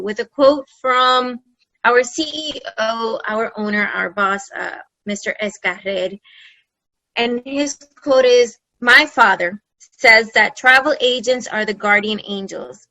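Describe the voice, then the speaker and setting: A woman hosts a webinar in an effusive, enthusiastic way, stacking up phrases for emphasis. Her voice is bright and forceful and sits a little high. The sound is dry and close, from a video-call microphone. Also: no room sound, rough recording. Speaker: webinar host. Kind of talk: presenting a webinar.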